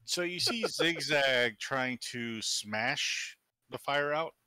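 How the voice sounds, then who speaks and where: A man running a tabletop game as game master, narrating in a relaxed way and chuckling now and then. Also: medium pitch, slow pace, clear, resonant tone, no room sound.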